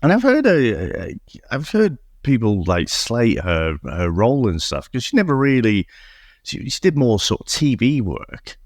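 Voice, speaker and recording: A man's voice: medium pitch, huge pitch swings, measured pace, dry recording, studio quality. A man co-hosting a casual podcast chat, easygoing and chuckling between his points. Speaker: podcast co-host.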